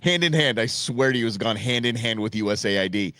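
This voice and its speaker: A man's voice: fairly low pitch, fairly even intonation, fast, very noisy. A man hosting a live political commentary stream, reacting to clips with sarcastic, mocking asides and frequent laughter.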